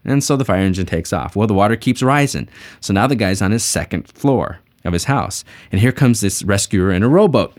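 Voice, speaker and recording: A man's voice: fairly low pitch, expressive, fairly quick. A man giving a folksy, conversational sales training lesson, teaching techniques through stories.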